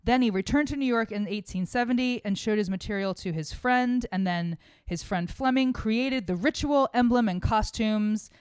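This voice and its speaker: A woman's voice: a little high, normal speed, few pauses, a little mellow, clean tone, no room sound. A young woman co-hosting a casual podcast, rambling through her notes with lots of "like" and plenty of swearing. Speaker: podcast co-host. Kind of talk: casual chat, explaining a topic from notes.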